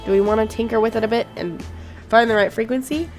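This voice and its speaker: With faint game music behind her, a gaming YouTuber offers chatty, reactive commentary, reading the game's text aloud and swearing freely. Her voice is a little high, her tone steady, and her delivery fast.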